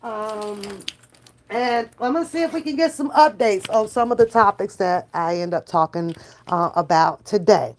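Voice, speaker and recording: A woman's voice: medium pitch, normal speed. A woman hosting a casual reaction vlog, slangy and emphatic, with frequent laughter. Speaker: reaction channel host.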